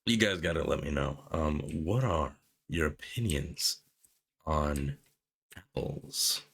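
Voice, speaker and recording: Hoarse young man rambling over gameplay. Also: extremely low pitch, lively intonation, moderate pace, fairly bright tone. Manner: rambling, filler-heavy, jokey musings. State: hoarse from sickness. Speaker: gameplay commentator. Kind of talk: casual gaming commentary.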